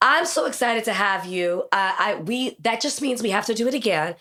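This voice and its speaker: A woman hosting a podcast in casual chat, sick and losing her voice, talking with quick restarts. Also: medium pitch, animated, pushed and bright. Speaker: podcast host.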